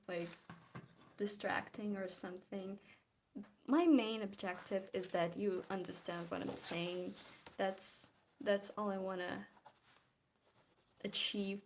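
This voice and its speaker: A woman with a Belarusian accent chats unhurriedly while drawing, reacting to viewers' messages as they come in. She talks in a measured, relaxed way and often restarts her sentences. Her pitch sits in an ordinary middle range. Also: a little hiss or hum. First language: Belarusian or Russian. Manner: chatty, restarts often, reads and answers live chat. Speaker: vlogger. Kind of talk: casual chat while drawing.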